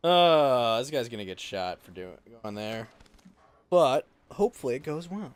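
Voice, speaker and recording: A man's voice: medium pitch, big pitch swings, moderate pace, clear, resonant tone. A man, ranting and swearing during a casual livestream chat while gaming. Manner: ranting, exasperated, swears freely. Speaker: streamer.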